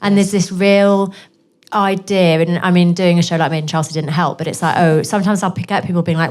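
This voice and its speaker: A woman's voice: fairly low pitch, steady tone, fairly quick, hardly any pauses, darkish tone. A woman from Northeast England with a posh southern English accent, speaking as a guest author and answering audience questions candidly at a live bookshop event. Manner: candid, chatty, full of self-deprecating asides.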